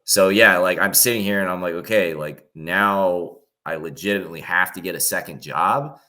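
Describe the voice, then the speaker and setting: A man's voice: deep voice, normal speed, pushed and bright. A young man talking casually as a podcast guest, rambling with lots of fillers and acting out his own inner voice. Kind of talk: casual chat.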